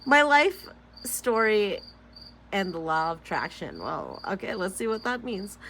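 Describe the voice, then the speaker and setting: A woman's voice: medium pitch, big pitch swings, unhurried, fairly bright tone, a little hiss or hum. Rambling giggly Californian woman. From Sacramento, California. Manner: rambling, giggly, says "like" constantly. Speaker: tarot reader. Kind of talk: casual tarot-reading vlog chat.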